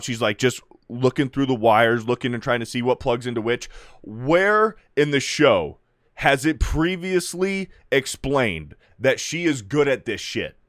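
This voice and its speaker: Male reviewer, casual rant, profane and exasperated, middle pitch, dry close sound. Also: fairly bright tone, no room sound. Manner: exasperated, profane, acts out characters in mocking voices.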